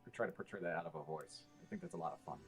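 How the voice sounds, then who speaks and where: A man's voice: a bass voice, racing, soft background music. A man talking as a guest on a casual podcast, thoughtful and full of fillers.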